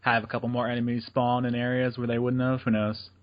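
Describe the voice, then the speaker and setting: A man co-hosting a casual video game podcast, making measured, wry remarks. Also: medium pitch, completely flat delivery, lo-fi sound. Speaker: podcast co-host. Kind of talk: casual chat about video games.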